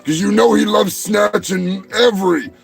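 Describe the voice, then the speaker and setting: Man, comedy host, profane rambling rant, high voice, shouting bursts. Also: unhurried, creaky, faint music behind. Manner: rambling, shouting, heavy swearing.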